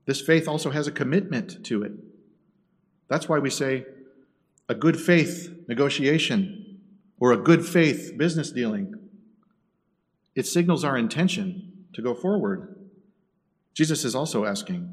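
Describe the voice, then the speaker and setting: A man preaching a sermon, dropping to a hush and rising to loud bursts. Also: mid-range voice, animated, unhurried, long pauses. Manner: dramatic swings between hushed and loud. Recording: echoey hall from a distance.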